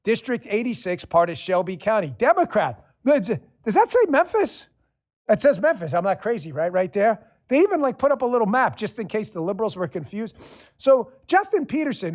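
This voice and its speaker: A man's voice: high voice, big pitch swings, a little fast. A man hosting a political talk show, delivering a sarcastic, combative monologue and swearing freely. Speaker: show host.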